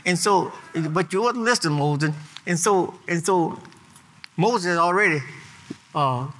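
A man preaching a sermon in an animated, repetitive way, stumbling through restarts and rising to emphatic peaks. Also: sits high, slow.

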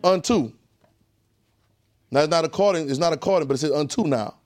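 A man teaching a Bible class in a call-and-response sermon style, emphatic and repetitive, often dropping to a low, quiet voice. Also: fairly quick.

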